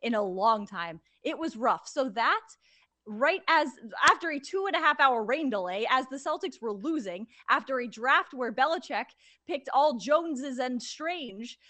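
A woman co-hosting a sports podcast, ranting in animated, exasperated casual chat. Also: sits high, unhurried. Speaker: podcast co-host.

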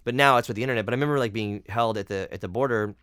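A middle-aged man co-hosting a podcast, telling stories in animated casual chat with many fillers. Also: lowish voice, very fast, clear, resonant tone, no room sound, studio quality. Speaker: podcast co-host.

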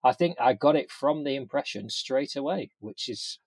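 A man's voice: mid-range voice, expressive, moderate pace, breathy edge, dry recording. A man co-hosting a comedy podcast, dry and teasing toward his co-host. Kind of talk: casual podcast chat.

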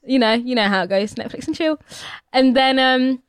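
A woman's voice: high voice, moderate pace, clean tone, no room sound, clean studio sound. A woman, hosting a casual chat and telling a funny story, acting out the quoted voices. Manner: animated, acts out quoted voices, laughs often. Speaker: podcast host.

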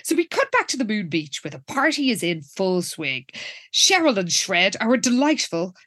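A woman's voice: medium pitch, sing-song, normal speed, a bit bright, no echo, clean studio sound. A young woman, chatting casually and laughing as she recaps a TV episode with a co-host. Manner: giggly, chatty, narrates plot. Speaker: podcast co-host. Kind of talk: casual chat recapping a TV show.

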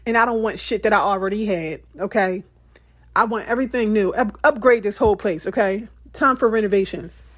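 A woman giving a candid motivational monologue, blunt and emphatic, often profane, with lively swings in pitch. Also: brisk. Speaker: motivational speaker.

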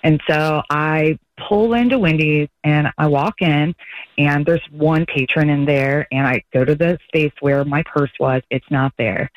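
A woman caller telling an emotional story on a morning radio show, animated and earnest. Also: low-pitched, unhurried, dry recording, highs cut off. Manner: earnest, animated, voices others in quotes.

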